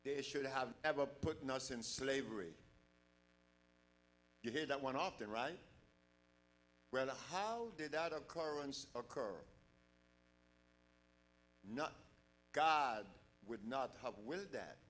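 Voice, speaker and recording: A man's voice: medium pitch, takes it slowly, long pauses, fairly bright tone. An older man giving an emphatic public lecture to a large live audience, full of rhetorical questions.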